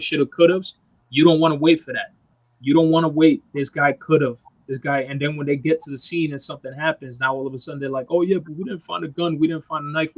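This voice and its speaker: A medium-pitched man, an adult parent co-hosting a casual podcast, rants emphatically with lots of profanity in heated casual chat. The recording is dry and the audio quality poor.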